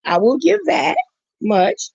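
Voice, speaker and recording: A woman's voice: sits high, very animated, slow pace, creaky, darkish tone, slightly rough, dry recording. Middle-aged lady chatting on her livestream, gushing, dull dry lo-fi sound. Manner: chatty, effusive, greets viewers by name. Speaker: livestream host. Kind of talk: casual livestream chat.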